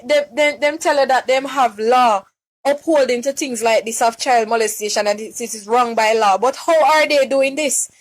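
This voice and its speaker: A woman with a Jamaican accent, a mother making an upset, pleading public appeal on a live stream, halting and restarting her words. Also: high-pitched. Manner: distressed, halting, many restarts and repeated words.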